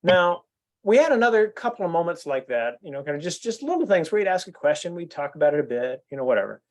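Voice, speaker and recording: A man's voice: on the high side, fast talker. A man, giving a speech at a club meeting and telling stories with lots of restarts and fillers. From United States. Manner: animated storyteller, frequent restarts and "you know". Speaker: guest speaker at a club meeting. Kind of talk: anecdotal speech.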